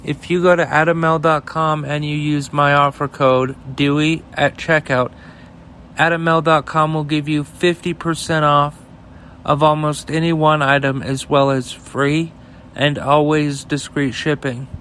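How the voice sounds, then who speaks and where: A man's voice: fairly high pitch, level tone, a little slow, a bit bright, a little hiss or hum. A man hosting his own show, giving blunt, profane commentary on the news and reading sponsor ads in a casual, offhand way. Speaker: host.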